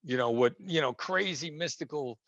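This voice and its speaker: A former hostage negotiator talks conversationally in an interview, demonstrating voices that swing from gentle to sharp. He speaks at normal speed in a slightly high voice, with dull audio and no echo.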